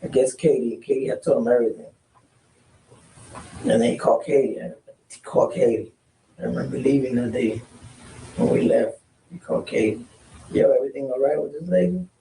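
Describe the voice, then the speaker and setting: A man's voice: mid-range voice, creaky, dark tone. A man recounting past events under questioning, acting out the quoted exchanges in casual street slang. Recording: roomy, distant mic, faint hiss.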